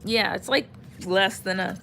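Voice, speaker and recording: A woman's voice: mid-range voice, unhurried, pushed and bright, slight background noise. A young woman chatting casually on a livestream, answering viewer comments and drifting, laughing and trailing off mid-sentence. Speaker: vlogger reading viewer comments. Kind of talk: casual rambling livestream chat.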